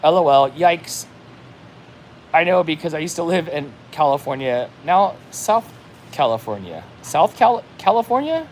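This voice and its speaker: Guy rambling on a livestream, says like a lot, voice a bit high and bouncy, faint hiss behind. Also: very animated, unhurried, a little mellow. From New England. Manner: rambling, lots of "like", reads chat aloud. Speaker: livestream host. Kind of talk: casual livestream chat.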